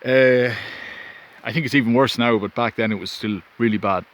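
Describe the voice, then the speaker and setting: A man with a mid-range voice, a vlogger, casually wanders through a personal anecdote outdoors at a moderate pace, frequently interrupting himself. He's recorded on a phone in the wind, so faint wind and ambience are audible.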